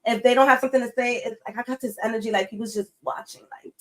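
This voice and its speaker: A woman's voice: fairly high pitch, brisk, rough recording. Blunt, cussing woman reading tarot. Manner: blunt, swears freely, emphatic repetition; chatty, talks straight to viewers. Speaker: tarot reader. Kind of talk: casual tarot reading to camera.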